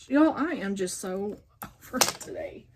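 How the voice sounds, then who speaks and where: A woman hosting a casual sewing tutorial, thinking aloud and rambling as she grows frustrated with her work. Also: mid-range voice. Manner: talks to herself, frustrated and rambling. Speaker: quilting video host. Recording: sewing machine noise behind.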